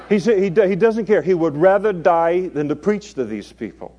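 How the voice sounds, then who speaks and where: Male preacher, slightly higher voice, mellow tone, conversational sermon with chuckling asides. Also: animated, moderate pace, hardly any pauses, highs cut off. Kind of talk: expository sermon.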